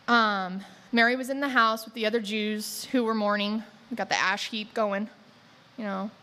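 A woman's voice: a little high, a bit bright. A woman giving a casual sermon, retelling a Bible story in loose, conversational words with joking asides. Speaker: Bible teacher.

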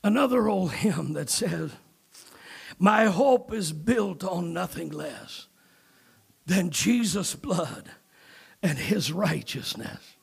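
A man preaching a Palm Sunday sermon, repeating "amen" and "uh," swinging between hushed whispers and shouted climaxes. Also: high-pitched, lively intonation, slow, vocal fry, long pauses, slightly rough.

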